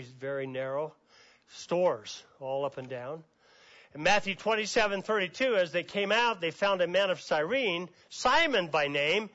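A male pastor preaches an Easter sermon in a folksy, storytelling manner and reads scripture aloud between his remarks. His voice sits high for a man. The recording sounds dull and lo-fi. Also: fairly bright tone.

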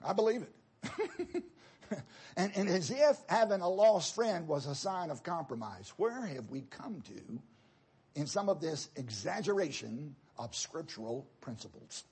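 Male preacher, higher range, gravel-rough and husky, conversational sermon delivery with lots of repetition. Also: very animated, unhurried, darkish tone.

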